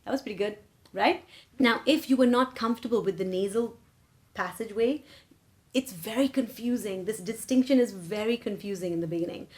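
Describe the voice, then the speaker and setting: This woman teaches voice at a moderate pace, her mid-range voice carrying a darkish tone. After explaining each idea and checking in with "right?" and "okay?", she sings a short phrase to show how it's done.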